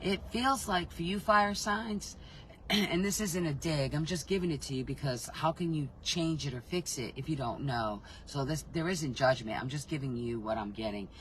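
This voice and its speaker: A man's voice: fairly high pitch, moderate pace, fairly bright tone, a little hiss or hum, rough recording. A man giving a casual spiritual reading. He talks frankly and rambles, often restarting his sentences, and he swears freely. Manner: frank, emotionally reactive. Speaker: intuitive reader.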